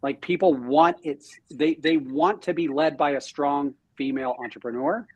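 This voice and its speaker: A man talking as a podcast guest in a casual interview, animated and self-deprecating, often restarting his sentences. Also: on the high side, moderate pace, lo-fi sound. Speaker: real estate team leader, podcast guest.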